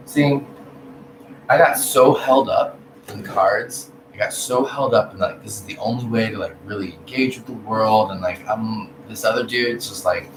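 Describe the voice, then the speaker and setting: A man giving a casual, profane spiritual rant, blunt and animated, swinging between loud outbursts and low mutters. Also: normal speed. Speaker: vlogger. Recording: echoey room with background noise.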